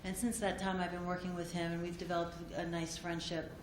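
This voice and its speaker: Woman, gentle halting speech, echoey conference hall, faint noise. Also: lowish voice, level tone. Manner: gentle, halting, many fillers and restarts. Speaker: award acceptor speaking for a doctor.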